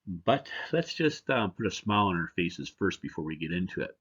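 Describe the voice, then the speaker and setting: A man's voice: low-pitched, big pitch swings, normal speed, a bit bright, slightly rough, muffled recording. A man presenting at a seminar as a seed company representative, talking in a conversational, joking way. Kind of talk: conference presentation.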